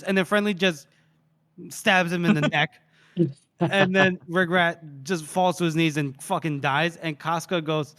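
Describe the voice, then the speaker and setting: Brief: high-pitched male podcast co-host, casual, performs character quotes while summarizing. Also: normal speed, fairly bright tone, dry recording. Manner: acts out characters' lines with shifting voices and laughs. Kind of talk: casual chat retelling a book scene.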